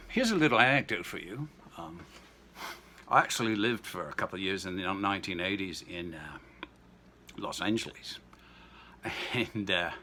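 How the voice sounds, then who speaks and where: Over slight background noise, a man in his sixties walks through making a cocktail at home, his lowish voice carrying a sharp tone. This home cooking vlogger keeps it chatty, wandering into jokes and stories as he goes.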